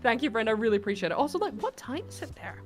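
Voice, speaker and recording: A woman's voice: a little high, very animated, racing, soft background music. A woman hosting a casual live stream from home, chatty and laughing, reading out viewer messages. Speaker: livestream host.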